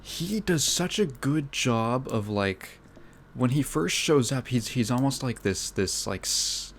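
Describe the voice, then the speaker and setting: A man hosting a casual solo podcast, rambling with many fillers and restarts, his throat phlegmy so he keeps clearing it. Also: mid-range voice, lively intonation, slow, a little hiss or hum. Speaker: podcast host.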